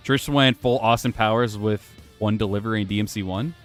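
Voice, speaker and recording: A gaming streamer talks briskly in a lowish voice as he plays, rambling, poking fun at himself and swearing freely. Faint music plays from his computer in the background.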